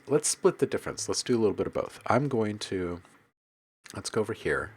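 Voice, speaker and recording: A man's voice: fairly low pitch, lively intonation, fairly quick, breathy edge. A man hosting a casual live stream about making music, joking with his chat, reading their messages aloud and laughing often. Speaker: livestream host and music producer.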